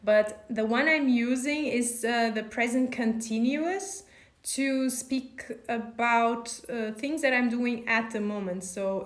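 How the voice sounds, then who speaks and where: A woman teaching a live-stream language lesson, patiently answering viewer questions and slowly over-pronouncing example words. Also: fairly high pitch, fairly even intonation, roomy sound.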